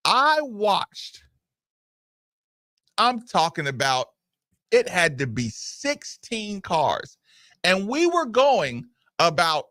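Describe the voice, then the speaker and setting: A man hosting a casual radio talk show, telling animated, rambling stories and slipping into other people's voices. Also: high-pitched, dry recording.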